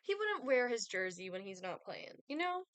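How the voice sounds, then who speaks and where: A woman's voice: a little high, big pitch swings, normal speed, fairly bright tone, no room sound. A young woman streaming a life-sim game, chatting casually with lots of fillers and giggles. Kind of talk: casual gameplay chat.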